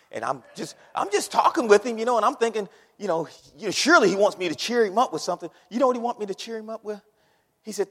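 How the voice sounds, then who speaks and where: A pastor preaching a sermon, dramatic, swinging from shouts to hushed words. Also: male voice, fairly high pitch, husky. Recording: long hall reverb.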